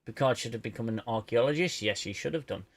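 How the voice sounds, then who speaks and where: Gravelly man chatting on a livestream. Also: mid-range voice, quick pace. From United Kingdom. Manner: rambling, with laughs and restarts. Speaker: show reviewer and host. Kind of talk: casual livestream chat.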